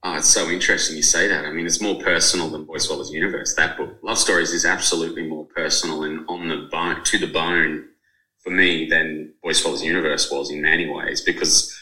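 Forties male author, deep voice, talks in heartfelt run-on bursts, echoey room. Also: steady tone, a little fast, pushed and bright. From Australia. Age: 40s. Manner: rambling, emotional, lots of fillers and restarts. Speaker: author and journalist. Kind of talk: podcast interview.

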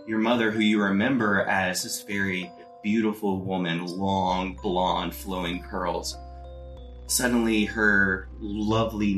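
A man narrating a tabletop role-playing game as game master, in a descriptive, measured storytelling style. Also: low-pitched, a bit bright.

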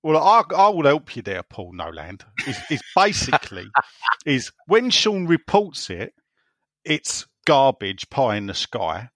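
Man, podcast co-host, casual banter, teasing and jokey, very lively pitch. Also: unhurried, no room sound. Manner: jokey, teasing, laughs often. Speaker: podcast co-host reading listener messages.

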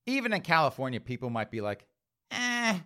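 A man's voice: medium pitch, sing-song, moderate pace, fairly bright tone. A middle-aged man hosting an opinion talk show, ranting in a sarcastic, mocking tone. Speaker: host.

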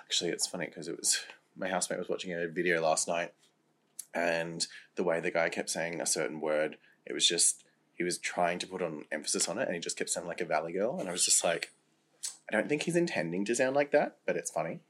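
A man's voice: low voice, flat delivery, quick pace, pushed and bright. A young man cohosting a casual podcast chat, camp and playful, laughing often as he talks. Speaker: podcast co-host.

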